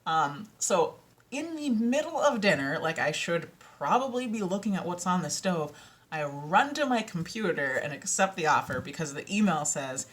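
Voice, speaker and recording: A young woman chatting excitedly to camera at home, giggly and talkative, about her audiobook narration work. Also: sits low, normal speed. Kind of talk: casual chat to camera. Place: at home, indoors.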